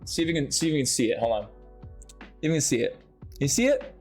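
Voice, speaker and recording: A young man talks straight into his camera, telling a story in a loose, swear-laden rush. His voice swoops up and down with lively energy. Faint music plays quietly underneath. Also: medium pitch, fast. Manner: profane, excitable, lively storytelling. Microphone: speaking to a camera.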